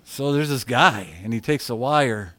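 A man preaching a sermon as a story, chatty and repetitive, breaking into loud acted shouts. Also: medium pitch, unhurried. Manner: animated storyteller who shouts quoted lines; conversational, repeats himself.

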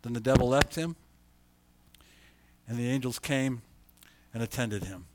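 A pastor preaching in a conversational way, reading scripture aloud and rising to loud emphasis. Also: male voice, medium pitch, measured pace. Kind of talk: sermon.

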